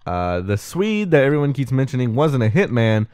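Man recapping a film plot, animated. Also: mid-range voice, normal speed, clear, resonant tone, no echo, clean studio sound. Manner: animated retelling, acts out quoted lines, swears casually. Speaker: podcast co-host.

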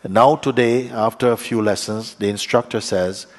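A man with a fairly low voice gives a spiritual teaching in a reverberant hall. He speaks slowly and reflectively, in plain, simple phrases broken by halting pauses. The long echo of the room trails after each phrase. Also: fairly even intonation. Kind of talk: satsang talk.

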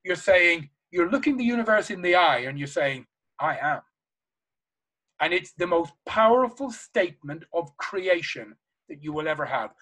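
Speaking at normal speed, a man with a high, bright voice and forceful tone leads a motivational seminar for a live crowd. His intonation is lively, he emphatically repeats key phrases with passion, and the recording is low quality.

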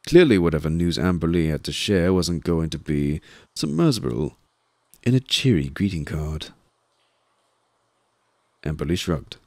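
A man narrating a first-person audiobook in a dry, measured storytelling manner. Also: rumbling low, lively intonation, darkish tone, no echo.

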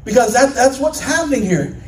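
High-voiced preaching man in echoey sanctuary. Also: lively intonation, a little fast. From Oklahoma. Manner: folksy storytelling building to impassioned preaching. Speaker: pastor. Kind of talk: sermon. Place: church sanctuary. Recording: echoey room, mic at a distance.

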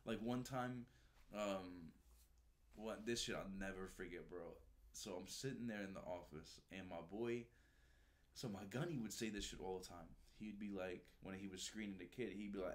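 A man telling stories from his time as a recruiter in a relaxed, animated way, peppered with slang and swearing. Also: low voice, a little fast. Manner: animated, swears freely, says "dude" and "bro" often. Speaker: guest, former Marine recruiter. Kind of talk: casual storytelling.

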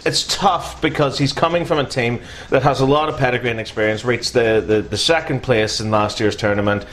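A man's voice: medium pitch, a little fast, a little hiss or hum. A man, co-hosting a casual review chat and swearing freely. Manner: animated, swearing, bursts into shouts and laughs. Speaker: podcast co-host reviewing robot fights.

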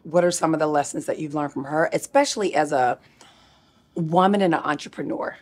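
A woman's voice: sits low, fairly quick, a little mellow. A woman hosting an interview, asking thoughtful, reflective questions of her guest. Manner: attentive, asks reflective questions. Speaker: podcast host, interviewer. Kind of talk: casual interview.

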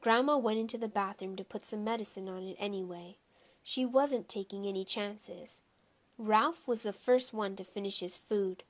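A woman narrating a children's audiobook in a lively, expressive reading style. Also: medium pitch, moderate pace.

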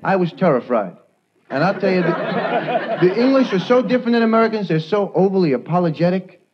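High-voiced young comic from New York. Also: male voice, lively intonation. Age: young adult. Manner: quick punchlines, puts on silly voices. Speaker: stand-up comedian. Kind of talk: stand-up routine. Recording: dull lo-fi 1980s TV audio, loud hiss. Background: studio audience laughter.

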